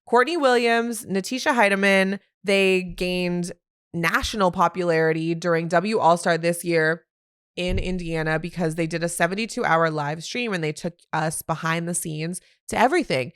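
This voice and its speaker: A woman hosting a solo sports podcast, talking in an animated, opinionated way with quick asides. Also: lowish voice, clear, resonant tone. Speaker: podcast host.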